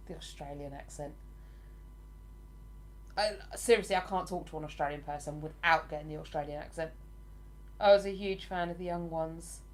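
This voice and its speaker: A woman's voice: on the low side, expressive, normal speed, long pauses. Chatty English woman hosting a livestream. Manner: chatty, laughs easily, greets viewers by name. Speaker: live stream host. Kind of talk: casual live-stream chat.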